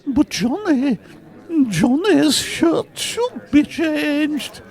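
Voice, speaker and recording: A man's voice: very high-pitched, sing-song, very slow, heavily acted. A man putting on a prissy mother who fakes a British accent. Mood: affected. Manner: prissy, affected.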